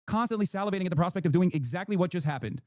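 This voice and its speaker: Rapid-fire ranting male streamer. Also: sits high, lively intonation, darkish tone, no room sound, clean studio sound. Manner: heated, profane ranting. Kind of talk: ranting livestream commentary.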